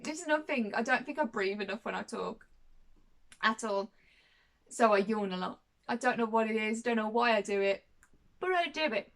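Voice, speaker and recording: A woman's voice: fairly high pitch, lively intonation, normal speed. A woman in her twenties talking casually to camera as a vlogger, chatty and rambling, repeating herself and often checking in with "you know what I mean". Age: 20s.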